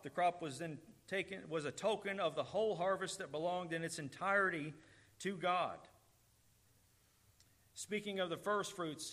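A man delivers a sermon in a bright, forceful voice pitched a little above the usual. He preaches earnestly, leaning on emphatic repetitions to drive each point home. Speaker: pastor.

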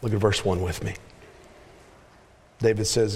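A man preaching a sermon as pastor, earnest, often repeating words as he searches for a phrase and slowing down to stress scripture. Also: lowish voice, steady tone, creaky, darkish tone.

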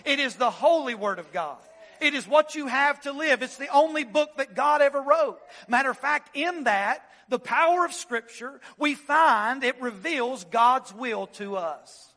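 A man preaching an expository sermon, with dramatic swings from loud emphasis down to hushed, low phrases. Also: animated, a little slow. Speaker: pastor. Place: church sanctuary.

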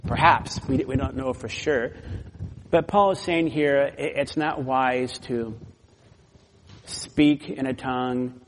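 A man's voice: mid-range voice, takes it slowly, slight background noise. A man preaching an expository sermon, explaining scripture verse by verse and pressing hard on key points. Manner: emphatic, rising loud on key points, repeats words. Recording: long hall reverb.

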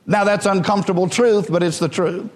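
Pastor, male, high tenor, fervent call-and-response preaching, reverberant church hall. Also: fairly even intonation, a little fast. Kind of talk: sermon. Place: church sanctuary.

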